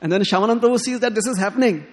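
A man giving a sermon, telling a devotional story in an animated way and acting out the characters' lines. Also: sits high, racing. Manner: animated, quotes characters in lively tones, chuckles often. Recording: long hall reverb.

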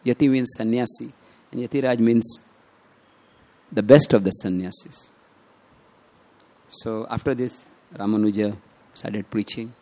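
A man's voice: mid-range voice, fairly even intonation, measured pace, long pauses, mellow. A man preaching as he retells a devotional story, acting out quotes with small laughs. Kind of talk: sermon storytelling.

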